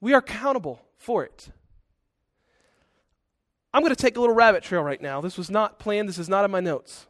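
Earnest and animated, this male pastor gives a sermon with conversational asides, speaking fairly quick with frequent pauses. His voice sits fairly high and a bit bright, captured dry and close-miked with no room sound.

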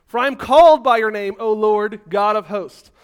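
A man preaching an energetic, animated sermon, so physically active that he sounds out of breath at times. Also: high voice, moderate pace, smooth.

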